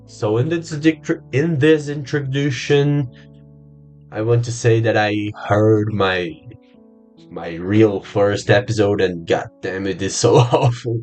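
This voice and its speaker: Young Brazilian podcast host, unhurried and halting, deeper register. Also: male voice, darkish tone. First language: Portuguese. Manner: halting, repeats words, swears casually. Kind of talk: casual solo podcast monologue.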